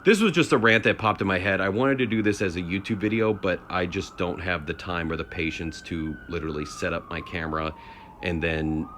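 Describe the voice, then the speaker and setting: A man's voice: low voice, a little fast, fairly bright tone, a little hiss or hum. A man giving a casual spoken rant, rambling and hesitant with many fillers. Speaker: vlogger.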